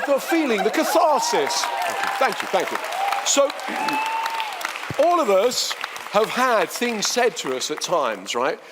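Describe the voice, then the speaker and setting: Male seminar speaker, animated, hall reverb. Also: fairly high pitch. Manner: chatty, animated, playful, swings between soft and loud. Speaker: motivational speaker. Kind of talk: live seminar talk to an audience.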